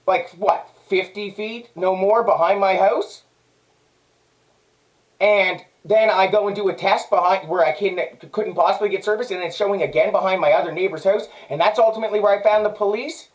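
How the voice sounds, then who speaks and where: A Canadian man talks in an angry personal monologue. His voice sits high, and he keeps circling back to the same points. He swears often, sounding agitated throughout. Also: low-quality recording. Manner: agitated, repetitive, profane. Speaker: vlogger.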